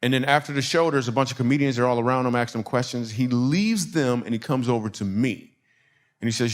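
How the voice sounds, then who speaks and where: In a medium-pitched voice that runs a little fast, a comedian from Michigan works through a story onstage. He acts out the quotes of each character while the crowd laughs.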